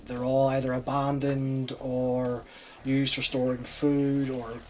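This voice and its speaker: A man's voice: mid-range voice, completely flat delivery, takes it slowly, darkish tone, slight background noise. Laid-back man running a tabletop game. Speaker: game master.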